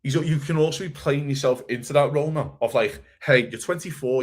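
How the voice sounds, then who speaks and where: A man co-hosting a casual football podcast, blunt and animated, swearing freely. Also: mid-range voice, fast talker, few pauses. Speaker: podcast co-host.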